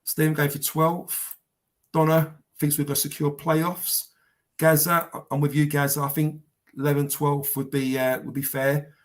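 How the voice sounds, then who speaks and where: A man's voice: fairly high pitch, level tone, moderate pace. Man, podcast host, casual rambling chat, swears, reads comments aloud. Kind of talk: casual live-stream chat.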